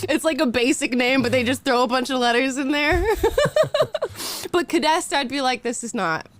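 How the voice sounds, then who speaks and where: A woman's voice: sits high, lively intonation, moderate pace, no echo. A young woman hosting a reaction stream, chatting casually and laughing often at what she watches. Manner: laughs often, jokey asides.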